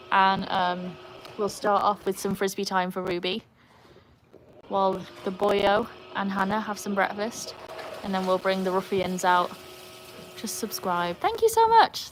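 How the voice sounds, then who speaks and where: An Englishwoman in easy conversation on a live stream, recorded outside in the shade of a yard. Her voice sits at an ordinary middle pitch, and she breaks into high, excited calls whenever she turns to her dogs. There is a faint wash of outdoor sound behind her. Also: slight background noise, rough recording. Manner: chatty, jumps to high excited tones when calling to her dogs. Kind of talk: casual live-stream chat.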